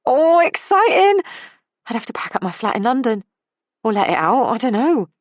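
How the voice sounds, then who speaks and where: A woman's voice: on the high side, very animated, normal speed, dry recording, pitched above the performer's own voice. Woman voicing a bubbly friend, exuberant and playful. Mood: excited.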